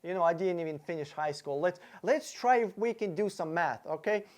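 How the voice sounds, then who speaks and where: A man's voice: high voice, brisk. Brief: angry male vlogger, sarcastic, foul-mouthed, tripping over words as he tallies costs. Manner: angry, profane, sarcastic, thinks aloud through sums; stumbles and restarts words often. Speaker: car buying advisor and channel host. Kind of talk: casual rant to camera.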